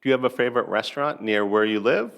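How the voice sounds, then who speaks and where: A man teaching a lesson, asking a listener practice conversation questions one at a time with steady pauses. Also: mid-range voice, creaky. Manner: measured, pausing between questions. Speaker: English teacher.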